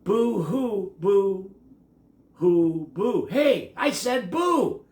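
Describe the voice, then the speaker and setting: A man doing Ben, a shrill little boy ghost. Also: lively intonation, slow pace. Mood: shouting. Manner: shouting and wailing. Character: little boy ghost, timid then bold. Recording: echoey room.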